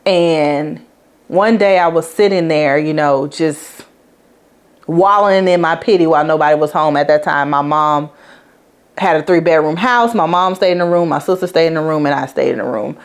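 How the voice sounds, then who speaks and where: A woman's voice: low-pitched, normal speed. A woman hosting a podcast, telling a personal story in a frank, chatty way and speaking straight to her listeners. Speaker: podcast host.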